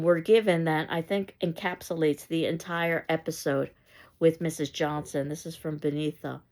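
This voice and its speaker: A woman's voice: sits low, darkish tone. A woman teacher giving a conversational literature lecture, retelling scenes with a wry, casual delivery.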